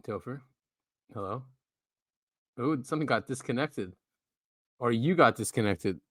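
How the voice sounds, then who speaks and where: A man's voice: mid-range voice, lively intonation, unhurried, no echo. A man hosting a podcast in casual chat, laid-back and laughing often. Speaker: podcast host.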